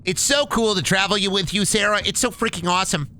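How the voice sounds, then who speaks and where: A man's voice: high-pitched, fast, bright, forceful tone, slight background noise, pitched above the performer's own voice. A man voicing an eager, gushing young male fan with an overly sweet manner.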